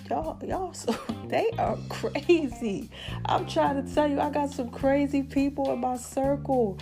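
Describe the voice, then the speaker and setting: A woman's voice: high-pitched, slow pace, long pauses, music in the background. A woman hosting her own podcast in casual solo chat, laughing often and calling her listeners baby and y'all. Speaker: podcast host.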